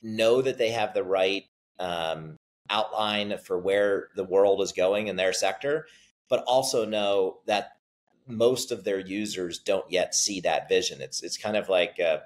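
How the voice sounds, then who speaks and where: A middle-aged man with a fairly low voice answers an interviewer's questions. He tells business stories with animation and slips into little impressions of the people he quotes. He talks as a startup CEO would. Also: a little slow, poor audio. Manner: animated storyteller, acts out quotes.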